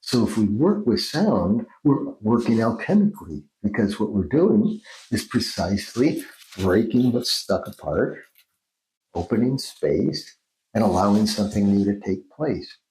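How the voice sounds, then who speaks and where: A man with a fairly low voice talks as a guest therapist, thoughtful and unhurried in his explanations. The recording carries a clear roomy echo around him. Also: very animated, a little mellow, a little hiss or hum. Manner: thoughtful, explains slowly, acts out phrases in different tones. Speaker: guest, Jungian dream therapist. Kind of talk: reflective interview talk.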